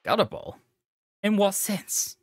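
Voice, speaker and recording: A streamer giving excitable, swearing livestream commentary, talking back to game figures. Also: medium pitch, slow pace.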